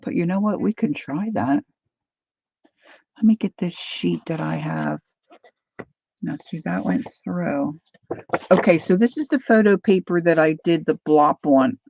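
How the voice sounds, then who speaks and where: A woman's voice: fairly low pitch, darkish tone, breathy edge, dry recording, muffled recording. A woman hosting a casual live crafting demo, chatting as she thinks aloud and answers viewer comments. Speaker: craft livestream host.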